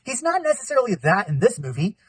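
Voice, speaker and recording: A man reviews movies for his vlog, talking fast with a bouncy, swinging pitch. His voice carries a faint husky grain, and he keeps the tone jokey and upbeat throughout. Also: no echo. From California. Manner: upbeat and animated, jokey asides.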